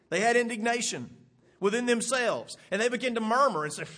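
A male preacher delivers a sermon with a husky, breathy edge. His voice sits high and rises into emphatic bursts. He keeps turning to the congregation with rhetorical questions. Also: a little fast. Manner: animated, rising to emphatic bursts.

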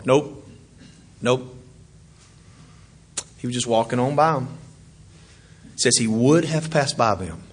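A man preaching a sermon. He swings from loud exclamations to quiet asides, chuckles as he goes, and keeps asking his listeners questions. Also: medium pitch, measured pace, pauses often, breathy edge.

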